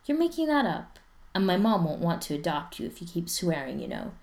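A woman voicing a playful, teasing teenage boy who talks in an excitable, raised voice. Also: fairly low pitch, brisk, creaky.

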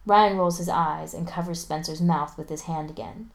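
A woman narrating a novel aloud, lively, raising her voice for the teenage characters. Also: normal speed, gravelly. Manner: lively, voices teen boys with raised pitch. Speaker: audiobook narrator.

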